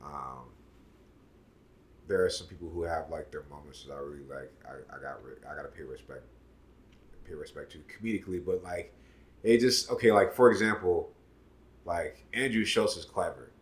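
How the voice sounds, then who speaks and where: Brief: very deep, relaxed man, casual chat, filler-heavy, volume swings. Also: normal speed, long pauses. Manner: laid-back, lots of "you know what I'm saying", swings loud and soft. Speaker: podcast co-host.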